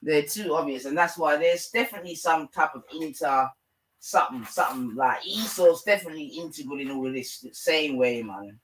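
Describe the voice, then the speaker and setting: A man's voice: a little high, brisk, a bit bright, recorded from a distance, low-quality recording. A man hosting a casual livestream, rambling through slangy gossip. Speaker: livestream host.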